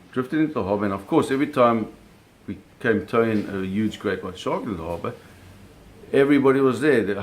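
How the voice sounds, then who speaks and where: A man telling a vivid personal story in a casual way, cursing freely and acting out the sounds and scenes. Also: medium pitch. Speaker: storyteller recounting a personal experience.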